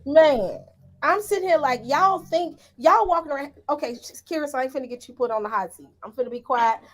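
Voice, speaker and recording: A woman on a panel discussion, talking forcefully and emphatically in a colloquial, heated way. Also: high voice, fairly quick.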